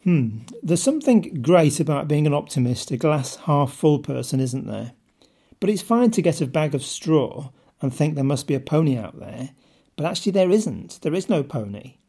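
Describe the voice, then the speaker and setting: A man delivers a short scripted devotional talk, moving from a story into rhetorical questions. His voice sits a little higher than most men's, with a mellow, soft-edged tone and a slight huskiness. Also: big pitch swings, normal speed, breathy edge. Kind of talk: scripted sermon-style talk.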